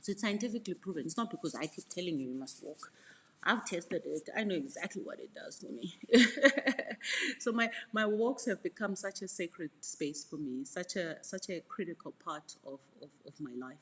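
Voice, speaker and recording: A middle-aged woman mentorship coach, giving a frank, reflective motivational talk with repeated words and soft asides. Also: on the low side, lively intonation, brisk, slight background noise.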